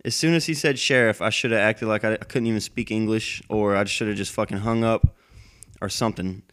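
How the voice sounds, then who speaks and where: Man, low smooth voice, profane rambling storyteller on a mic, heated and casual. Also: fairly even intonation, a little fast, a bit bright. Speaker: military veteran telling a personal story. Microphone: plug-in microphone.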